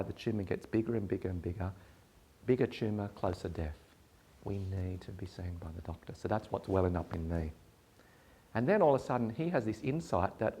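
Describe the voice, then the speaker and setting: A man presenting a talk, telling a personal story in an animated, wry way. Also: fairly low pitch.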